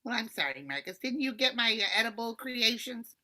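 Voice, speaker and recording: Woman doing a flighty neighbor in her late fifties, emphatic, very bright tone, lively swooping pitch, improv comedy. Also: a little fast. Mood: scheming, flighty. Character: brash 58-year-old woman neighbor Karen, scheming and flighty. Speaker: improv performer.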